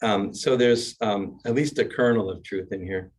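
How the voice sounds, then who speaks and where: An older man teaching as a rabbi, chanting a warm-up and then telling jokes in a wry storyteller's way. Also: fairly low pitch, moderate pace, breathy edge. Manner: wry storyteller, chuckles at his own jokes. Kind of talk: class talk with joke-telling and chanting.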